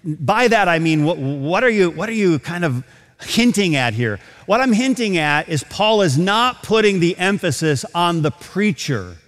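A man preaching a sermon to a congregation, animated, slowing down to stretch key phrases. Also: on the high side, in a large hall. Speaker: pastor. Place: large auditorium.

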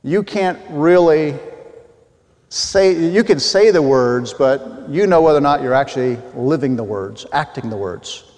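High-voiced male preacher in a reverberant hall. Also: expressive, measured pace, a little mellow. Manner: earnest, explanatory, with frequent restarts. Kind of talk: sermon with scripture reading.

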